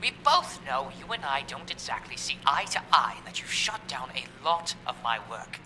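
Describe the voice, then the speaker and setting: A man plays a smug, condescending engineer in a horror game, talking over a rival as he lays out instructions. His pitch swings widely through each sentence, and loud noise sits under the whole recording. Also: big pitch swings, moderate pace, close to an everyday voice. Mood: smug, instructive.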